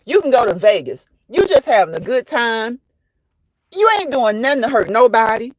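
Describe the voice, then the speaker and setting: A woman's voice: on the high side, very animated, normal speed, no echo. A woman hosting a casual livestream, chatting and fussing while she answers viewers by name. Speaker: livestream host reading chat.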